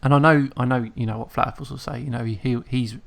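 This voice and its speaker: Gravelly man hosting a casual chat. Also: mid-range voice, fairly even intonation, quick pace. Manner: laughs often, repeats words as he talks. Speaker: host. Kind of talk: casual live-stream chat.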